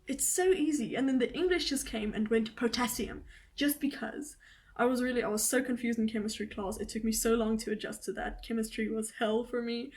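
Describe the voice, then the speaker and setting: Lively young South African woman vlogging. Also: fairly high pitch. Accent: South African Afrikaans. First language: Afrikaans. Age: young adult. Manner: animated, emphatic, mock-indignant. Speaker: vet student vlogger. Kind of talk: casual vlog talk to camera.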